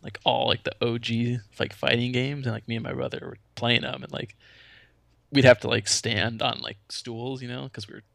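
Gravelly young man chatting casually. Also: mid-range voice, fairly even intonation, normal speed, fairly bright tone, dry recording. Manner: laid-back, rambling, lots of fillers. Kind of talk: casual chat.

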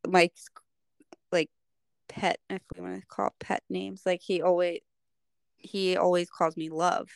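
A woman's voice: fairly low pitch, measured pace, creaky, long pauses, clean tone, no echo. A woman co-hosting a podcast, telling stories animatedly and saying "like" a lot. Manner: animated storyteller, lots of "like". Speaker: podcast co-host. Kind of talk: casual chat.

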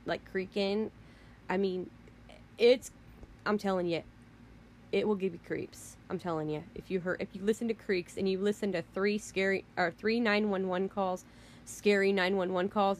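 A woman vlogger rants straight to camera, piling up restarts and repeated phrases as she presses her point. Her voice sits at an ordinary middle pitch for a woman. A faint noise runs under the talk. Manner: emphatic, rambling, repeats herself. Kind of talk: ranting monologue.

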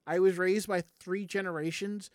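A streamer from the Southern United States telling a story to chat in a casual, animated, profane way, acting out the people in it. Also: medium pitch, normal speed, no room sound, clean studio sound.

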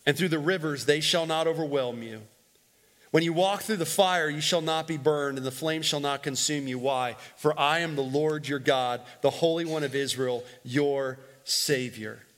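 A male pastor preaching a sermon, emphatic and repetitive, swinging between loud and hushed, leading the congregation in call-and-response. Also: on the high side, normal speed. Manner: repeats phrases and leads the congregation in call-and-response. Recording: long hall reverb.

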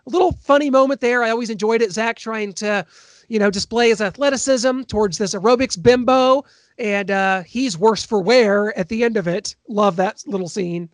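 A man with a high voice hosts a podcast in a chatty, laughing way, full of little ums. He sounds close to the mic in a dry space with no room echo. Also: normal speed. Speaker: podcast host. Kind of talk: casual chat recapping a TV episode.

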